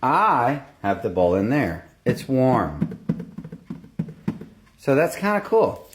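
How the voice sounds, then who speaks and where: Very animated but slow, a medium-pitched man chats casually over a noisy background in his home baking vlog, rambling with small asides. It's shot indoors in a home baking room on a phone, sometimes with earbuds.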